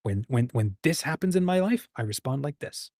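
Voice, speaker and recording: A man's voice: medium pitch, expressive, normal speed, a little mellow, dry recording, studio quality. A man hosting a casual livestream chat, encouraging and thinking aloud as he acts out quoted voices. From United States. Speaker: livestream host.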